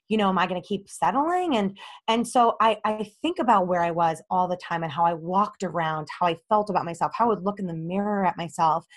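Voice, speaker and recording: A young adult woman, a relationship coach, candidly telling a personal story in a podcast interview and acting out the dialogue in it. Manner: animated, acts out quoted dialogue with rising pitch.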